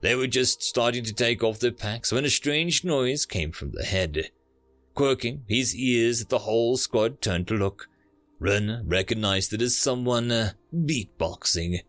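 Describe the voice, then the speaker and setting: A man reading an audiobook with expressive delivery at a middle pitch. His intonation moves freely up and down, and the dry, close recording carries faint music underneath. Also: unhurried, no echo. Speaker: narrator. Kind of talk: audiobook narration.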